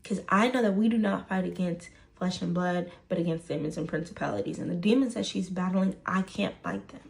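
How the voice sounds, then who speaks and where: A woman's voice: mid-range voice, vocal fry, darkish tone. A woman telling a personal story to the camera, stressing points by repeating words. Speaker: storyteller in a shared clip.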